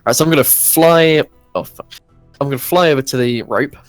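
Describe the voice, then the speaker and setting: A man's voice: medium pitch, no room sound, faint music behind. Male player, mid voice, dry and close, talkative. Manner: chatty, quick asides and restarts. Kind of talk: casual tabletop game play.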